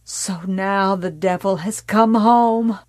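Lady reading as a creepy churchy mom, slow and hushed, preachy, dry close sound. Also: mid-range voice, no echo, close to an everyday voice. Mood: fervent. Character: fanatical religious mother, middle-aged, zealous and menacing.

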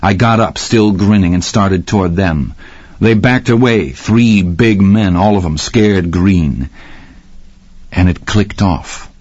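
A man's voice: low voice, takes it slowly, darkish tone, breathy edge, no room sound. A man narrating a gritty first-person story with dramatic storytelling. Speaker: audiobook narrator. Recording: slightly muffled dry audio.

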